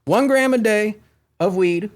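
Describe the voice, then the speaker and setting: A man's voice: high-pitched, unhurried. A man from Florida hosting a podcast, ranting in a profane, sarcastic, rambling comedic style. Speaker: podcast host. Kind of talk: comedic rant.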